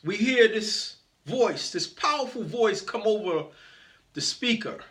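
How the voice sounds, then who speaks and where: High-voiced man telling a motivational story. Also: lively intonation, measured pace, fairly bright tone. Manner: playful, greets audience members by name. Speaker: motivational speaker. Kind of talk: storytelling speech to an audience.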